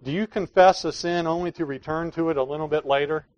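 A man preaching a sermon as pastor, earnest, moving between quiet pleading and emphatic declarations. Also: fairly high pitch, steady tone, fast talker, dry recording. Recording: dry, dull lo-fi sound.

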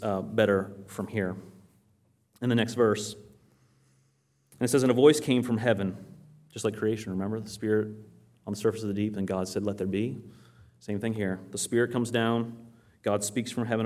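A man preaching a Bible teaching, who asks his listeners questions and answers them himself, and reads scripture aloud. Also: fairly low pitch. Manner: animated storytelling, quotes scripture aloud. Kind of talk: sermon.

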